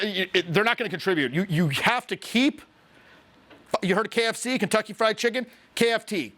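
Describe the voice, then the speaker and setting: A man's voice: high voice, lively intonation, pushed and bright. Intense, profane male social skills coach. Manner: profane, intense, lectures and scolds, acts out quick examples. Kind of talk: fired-up coaching talk to camera.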